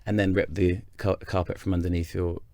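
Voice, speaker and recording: A man's voice: sits low, level tone, brisk, darkish tone, no room sound, studio quality. A man from North Yorkshire, an actor, talking through his thoughts in a casual interview, often restarting his sentences. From England, North Yorkshire. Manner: thoughtful, rambling with frequent restarts.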